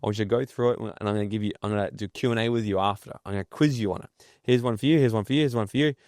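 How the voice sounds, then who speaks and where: A man's voice: fairly low pitch, rapid-fire, a little mellow, dry recording, clean studio sound. An entrepreneur speaking as a podcast guest, blunt and profane, telling stories to make his points. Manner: blunt, swears freely, tells stories. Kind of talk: casual podcast interview.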